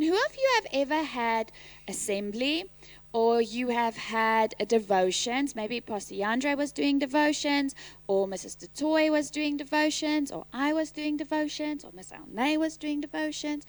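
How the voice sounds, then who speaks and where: A woman teacher leads a school assembly through a microphone, animated and teasing as she quizzes the pupils and sometimes calls out loudly. Her voice is high, and the recording is dry.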